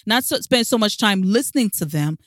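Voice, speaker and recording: A woman's voice: medium pitch, lively intonation, brisk, dry recording, clean studio sound. A woman coaching her listeners with emphatic advice, asking rhetorical questions and speaking with a smile in her voice. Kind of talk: direct-to-camera advice talk.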